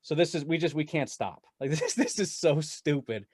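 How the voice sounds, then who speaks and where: A man talking sports as a guest on a casual podcast, animated and rambling with frequent laughs. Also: on the high side, moderate pace, slightly rough, no room sound, clean studio sound. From Wisconsin. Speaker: guest Packers commentator.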